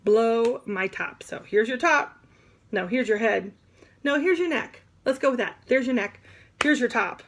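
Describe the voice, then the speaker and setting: A woman teaching sign language vocabulary in an animated, demonstrative way, with playful asides. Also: a little high, moderate pace. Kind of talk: classroom lesson.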